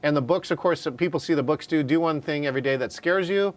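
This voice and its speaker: A man with a fairly high-pitched voice talks quickly while teaching a live online class about virtual meetings. He keeps it conversational, often checking in with "right?", and is heard through a video-call microphone.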